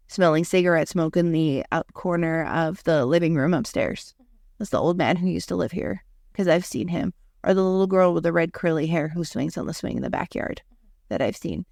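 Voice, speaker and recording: A woman's voice: lowish voice, darkish tone, dry recording, studio quality. A young adult woman, a podcast co-host, telling a story in casual chat and filling it with lots of "like". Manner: rambling, heavy use of "like" fillers.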